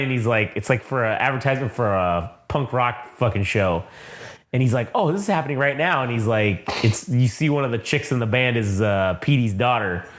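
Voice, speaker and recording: A man co-hosting a casual show review, recapping the plot in a loose, profane way and acting out quick quotes. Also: mid-range voice. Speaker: podcast co-host.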